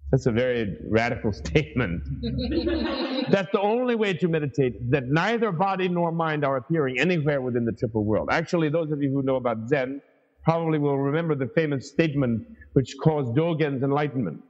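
Husky-voiced man teaching in a reverberant hall. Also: mid-range voice, fairly quick. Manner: lively storyteller, chatty asides with "you know". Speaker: Buddhist studies professor and podcast host. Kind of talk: teaching talk, reading and explaining a sutra. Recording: reverberant, dull lo-fi sound.

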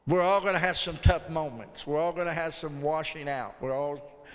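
A man's voice: fairly high pitch, moderate pace, fairly bright tone. A man preaching a sermon as pastor, telling folksy stories and calling out to the congregation. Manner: folksy storytelling with audience call-outs. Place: church sanctuary. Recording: long church hall reverb.

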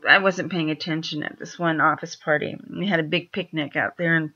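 A woman's voice: deep voice, fairly even intonation, fairly quick, sharp tone, breathy edge. A woman telling rambling stories in a casual monologue, chuckling often and restarting her sentences. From Washington State. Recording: dull lo-fi recording.

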